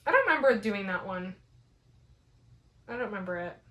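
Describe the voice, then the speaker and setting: A young woman telling a rambling, animated story in a casual vlog, full of "like" fillers. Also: medium pitch, brisk. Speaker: fitness vlogger. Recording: roomy echo.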